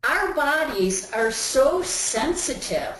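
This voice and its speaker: A woman's voice: high voice, very animated, slow, a bit bright, slight background noise. A woman giving a webinar talk in a conversational way, acting out everyday inner voices as she explains. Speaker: webinar presenter. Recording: roomy echo.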